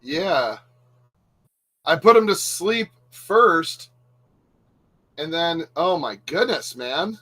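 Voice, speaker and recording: A man's voice: on the high side, expressive, very slow, long pauses, bright, forceful tone, rough recording. A man hosting a live retro gaming stream, chatting casually and playing, cracking self-mocking jokes and laughing often. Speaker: livestream host playing retro games. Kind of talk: casual gaming chat with commentary.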